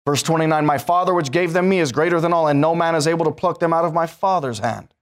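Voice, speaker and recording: A man's voice: on the high side, fast. Conversational man preaching a sermon. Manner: conversational preaching, rising to emphatic bursts, asks the listeners questions.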